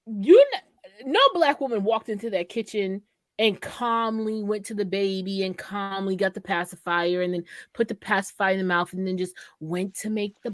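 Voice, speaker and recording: A woman co-hosting a casual chat show, animated and fond of acting out quoted voices. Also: medium pitch, dry recording. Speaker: podcast co-host.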